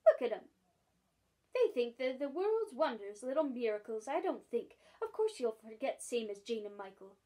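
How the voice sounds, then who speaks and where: A woman's voice: on the high side, very animated, normal speed, dark tone. A woman doing a cheeky, jeering starling bird. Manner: jeering, brash, rough-spoken.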